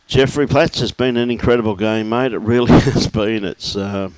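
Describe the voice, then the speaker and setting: A man calls a lawn bowls match in a relaxed, chatty way, trading jokes with his co-host between shots. His voice sits low, and the sound is dry and close, with hardly any room around it. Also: moderate pace, clean tone, no echo. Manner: chatty and jokey, reels off scores, banters with his co-host. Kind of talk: live sports commentary. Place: bowls club.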